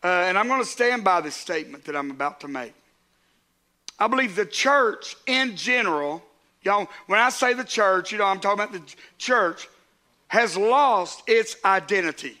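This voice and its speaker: High, bright-voiced pastor. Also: male voice, expressive, moderate pace. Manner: conversational, self-deprecating, with asides to the congregation. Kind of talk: sermon.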